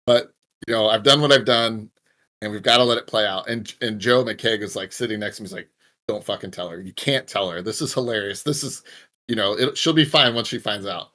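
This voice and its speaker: A young man co-hosting a podcast, telling a story in a relaxed, wry way, with curse words now and then. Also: on the low side, fairly quick. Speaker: podcast co-host. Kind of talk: casual storytelling.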